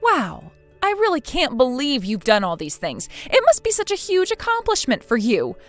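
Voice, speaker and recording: A woman voicing a cool, sarcastic young wife in a scripted text-message drama, mocking quietly. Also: high voice, wildly swooping pitch, normal speed, faint music behind.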